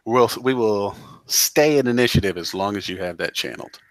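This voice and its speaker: A man's voice: on the low side, fairly quick, no echo. A man running a tabletop game as game master, explaining rules and narrating in long run-on sentences with many fillers.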